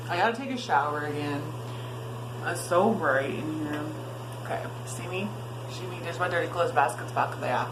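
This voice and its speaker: A woman's voice: fairly low pitch, a bit bright, slight background noise, poor audio. A woman vlogging casually to camera from her home, chatty, giggly and rambling. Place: at home, indoors.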